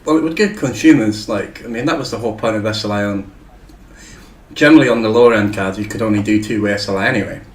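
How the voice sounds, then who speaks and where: A man's voice: on the low side, quick pace, roomy sound, slight background noise, rough recording. A man hosting a casual tech chat show, rambling and joking with frequent swearing. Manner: rambling, swears freely, jokey. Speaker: show host.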